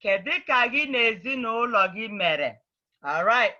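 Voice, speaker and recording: Slow, bright-voiced woman teaching Igbo online. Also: on the high side, animated, muffled recording. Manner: patient, repeats phrases slowly for learners. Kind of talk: online class teaching over video call. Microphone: computer mic on a video call.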